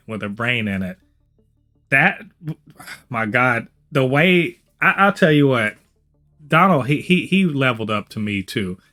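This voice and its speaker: A man's voice: medium pitch, pushed and bright. A man co-hosting a TV review podcast, chatting animatedly with lots of swearing and restarts. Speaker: podcast co-host. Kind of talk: casual review chat.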